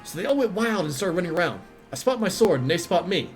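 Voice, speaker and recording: A man's voice: high-pitched, very animated, fast, soft background music. A man voicing a boastful, cheeky young female paladin telling a camp story.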